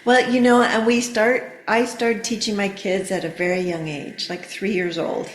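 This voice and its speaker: A middle-aged woman, a therapeutic coach on a podcast, explaining gently with many fillers. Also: medium pitch, level tone, moderate pace, roomy sound. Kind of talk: casual podcast conversation.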